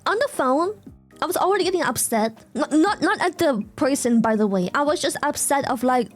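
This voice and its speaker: A woman from Germany chatting casually on stream, telling stories in an excitable, animated way and swearing freely. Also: high-pitched, fairly quick, soft background music. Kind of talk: casual chat.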